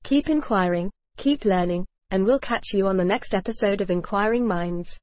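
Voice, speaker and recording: A woman with a medium-pitched voice hosts a scripted podcast discussion at a moderate pace. Her delivery is polished and evenly read, and she reads cue notes aloud.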